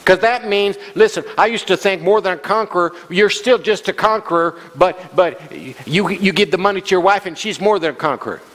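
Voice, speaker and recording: High-voiced preaching man in a big hall. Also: fairly quick, few pauses, fairly bright tone. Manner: preaching with call-and-response exclamations. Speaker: pastor. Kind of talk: sermon. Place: church sanctuary.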